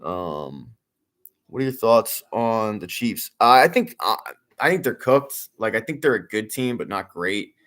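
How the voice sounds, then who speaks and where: A young man with a lowish voice streams a sports watch-along, offering casual live commentary and chatting at a measured pace. He rambles like an excitable fan, packing his talk with filler words and the odd swear.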